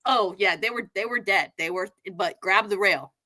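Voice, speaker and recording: A young adult woman co-hosting a casual livestream show, talking in an animated, profane way and acting out quotes in high shouts. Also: normal speed. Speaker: podcast co-host.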